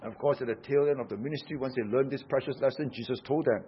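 A male preacher with a husky, mid-range voice delivers a sermon at a quick pace. He is emphatic, swinging from hushed tones to pressing hard and loud on key phrases, and the recording sounds dull and lo-fi.

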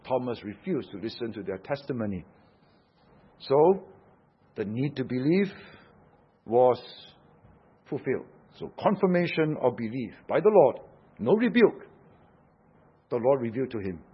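A male preacher delivers his sermon with a husky edge to his voice. He is emphatic, dropping into hushed tones and then pressing hard on key phrases. The recording sounds dull and lo-fi. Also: mid-range voice, very animated, unhurried, long pauses. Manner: emphatic, swings from hushed to loud.

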